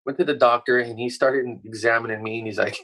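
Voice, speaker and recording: A man's voice: medium pitch, fast talker, rough recording. A middle-aged man, a guest on a podcast, telling a story casually with plenty of swearing. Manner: profane, animated storytelling.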